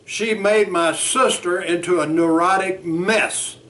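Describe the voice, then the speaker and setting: A man's voice: high voice, normal speed, a bit bright, recorded from a distance. A man voicing an enraged, defiant young male graduate student who insists on his hatred. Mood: angry.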